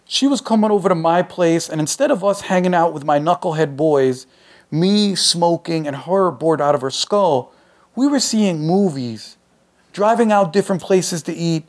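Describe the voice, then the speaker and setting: A man reads his own fiction aloud in a loose, conversational first-person voice. The delivery is streetwise and unpolished, like someone talking to his friends. His voice sits a touch high for a man. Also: animated, moderate pace. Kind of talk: live reading of a short story.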